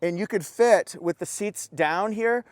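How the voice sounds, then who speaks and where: A man's voice: sits high, a little slow, dry recording. A man giving an enthusiastic, chatty car walkaround review outdoors, breaking into little exclamations.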